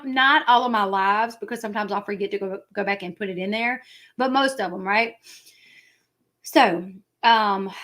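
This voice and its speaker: A woman's voice: mid-range voice, a bit bright. Chatty country-sounding woman host. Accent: Southern US. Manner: chatty, rambling, acts out quoted people. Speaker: YouTube commentary host. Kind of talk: casual livestream chat.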